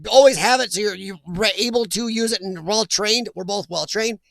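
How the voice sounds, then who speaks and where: A blunt, opinionated man hosts a casual livestream and reads out viewer comments. His voice sits high with a gravelly edge. The sound is dry and close to the mic. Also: moderate pace, no room sound. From Midwestern US. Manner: blunt, opinionated, laughs easily. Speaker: livestream host. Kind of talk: casual live chat reading comments.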